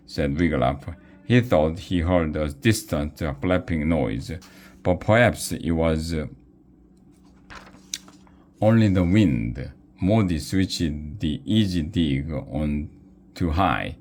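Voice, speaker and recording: A man reading a children's book aloud, unhurried, with small slips and restarts. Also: very deep voice, expressive, a little mellow, slight background noise. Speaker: reader.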